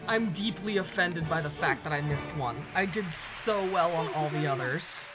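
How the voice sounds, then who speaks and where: A woman's voice: low voice, normal speed. A woman giving playful, chatty and mildly profane commentary while playing a video game. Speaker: gameplay commentator. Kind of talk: let's play commentary. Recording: game music behind the voice.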